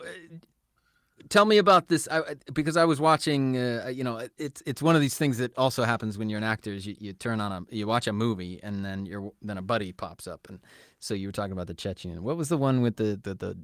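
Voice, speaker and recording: Chatty, joking podcast host. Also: male voice, on the low side, fairly quick, no echo, studio quality. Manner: chatty, joking, many fillers. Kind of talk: casual interview chat.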